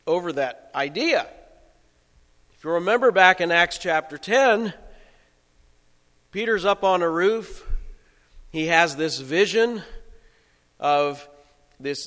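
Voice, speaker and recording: A male pastor giving a sermon in a relaxed, conversational storytelling way. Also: on the high side, big-room sound.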